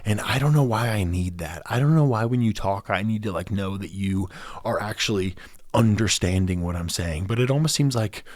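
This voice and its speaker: A man's voice: lowish voice, normal speed, a little mellow, no room sound. A man hosting his own podcast, rambling through a casual solo rant with lots of stammered restarts and imitated voices. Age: adult father. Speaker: podcast host.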